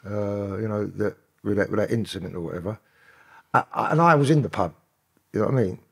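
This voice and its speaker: A man's voice: fairly low pitch, a little fast, creaky, slightly rough. A man with a London accent, a podcast guest telling stories in profane, rambling street talk. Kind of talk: casual storytelling interview.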